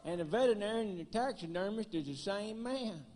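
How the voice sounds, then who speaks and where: A man with a thick West Tennessee drawl, telling homespun jokes and stories on stage with a deadpan delivery. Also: high voice, fairly quick, a little hiss or hum. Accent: West Tennessee Southern drawl. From Gleason, Tennessee. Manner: homespun, deadpan one-liners. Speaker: banjo player and comedian. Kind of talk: folksy stand-up storytelling on stage. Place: concert stage.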